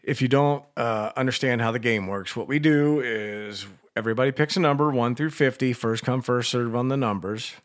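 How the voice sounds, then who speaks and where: A man's voice: medium pitch, moderate pace, few pauses. A man co-hosting a casual radio show, joking crudely and swearing as he runs a number-picking giveaway.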